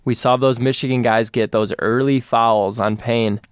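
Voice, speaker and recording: Dry-witted man with a smooth voice. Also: mid-range voice, fairly even intonation, normal speed, no room sound. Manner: dry, teasing, laid-back. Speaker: podcast co-host. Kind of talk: casual sports betting chat.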